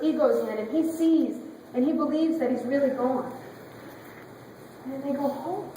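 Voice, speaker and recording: A woman's voice: sits high, dark tone, slight background noise. A woman pastor preaching a sermon with dramatic, emotive storytelling, recorded from a distance in a very echoey church sanctuary.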